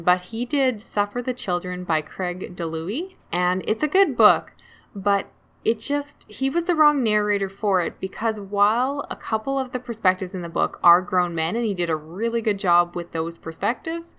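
A woman co-hosts a casual book podcast. Her tone is bright and forward, middle-pitched, and she chats in a self-deprecating way, laughing easily as she goes. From Canada. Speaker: podcast co-host.

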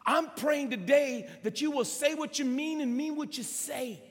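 High-voiced man preaching in a reverberant hall. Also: measured pace. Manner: impassioned preaching with call-and-response; swings from soft to shouted. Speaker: pastor. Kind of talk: sermon. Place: church sanctuary.

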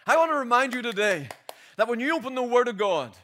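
A man's voice: very high voice, big pitch swings, fast talker, sharp tone, a little hiss or hum. A Northern Irish man in his forties preaching a sermon, telling a homely story and building up into rousing exhortation. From Northern Ireland. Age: 40s.

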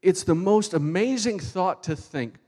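A man preaching a sermon with animated, fervent delivery. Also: high voice, measured pace, breathy edge. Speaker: pastor.

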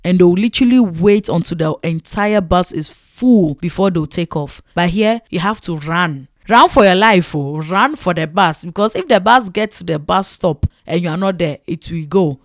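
A woman from Ghana with a Ghanaian English accent, telling animated, exclamatory stories to the camera and acting out her own past reactions. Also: on the low side, moderate pace, hardly any pauses, no echo, clean studio sound. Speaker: vlogger. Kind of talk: casual storytelling to camera.

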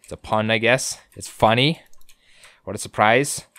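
A man's voice: on the low side, unhurried, a bit bright, dry recording. A man co-hosting a podcast, recapping episodes in a joking, profane, rambling way. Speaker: podcast co-host. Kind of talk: casual recap chat.

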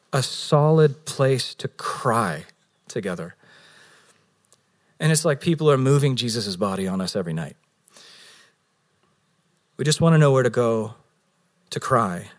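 A pastor preaching a Sunday sermon, earnest, rising for emphasis and dropping low and slow on key words. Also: male voice. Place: San Diego.

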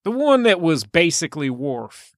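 A man co-hosting a casual movie podcast, excitable and sarcastic, swearing freely. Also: a little high, normal speed. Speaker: podcast co-host.

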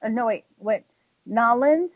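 A woman's voice: on the high side, expressive, unhurried. A woman from Louisiana who is a guest on a live talk show, speaking bluntly and playfully. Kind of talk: casual chat as a call-in guest. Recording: dry, tinny phone-like line.

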